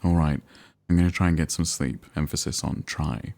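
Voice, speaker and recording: A man reading out texts from an anxious, frazzled young man, in a casual deep voice. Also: moderate pace, darkish tone. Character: anxious young man, friend, rattled and restless.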